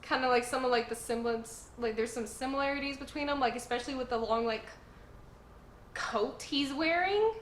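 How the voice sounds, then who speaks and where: An excitable woman gushes through a story recap, repeating herself for emphasis. Her voice sits a little high. The room around her is echoey, with a faint hiss underneath. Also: normal speed. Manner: gushing, animated, emphatic repetition. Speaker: host.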